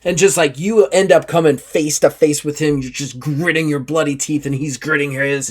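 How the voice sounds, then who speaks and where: A man's voice: a little high, moderate pace, few pauses. A man narrating as game master of a tabletop game, telling the action vividly and in a loose way, with many fillers. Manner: vivid, animated storytelling with filler "like".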